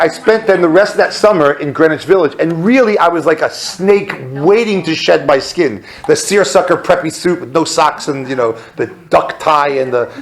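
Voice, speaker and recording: A man in his thirties from the American South speaks as a rabbi, telling a personal story to a crowd. His voice sits a bit high and has a gravelly edge. He talks in a loose, animated way, full of fillers, and he slips into other people's voices as he acts out the dialogue. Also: rough recording. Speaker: rabbi giving a talk. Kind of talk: storytelling talk to an audience.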